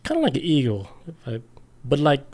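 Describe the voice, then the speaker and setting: A man's voice: medium pitch, huge pitch swings, fairly quick, a little mellow. A man co-hosting a podcast, casually retelling a story in a loose, profane way full of "like" fillers. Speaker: podcast co-host.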